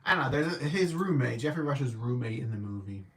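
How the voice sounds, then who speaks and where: A man's voice: mid-range voice, lively intonation, brisk. Rambling man chatting about movies. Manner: rambling, self-correcting, thinking aloud. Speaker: film reviewer host. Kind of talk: casual livestream movie review.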